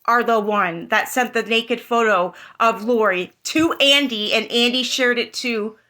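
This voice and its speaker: A woman's voice: a little high, a little slow, bright, forceful tone. A woman hosting her own channel, talking through online drama in a heated, profane way and firing off rhetorical questions. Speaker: commentary channel host.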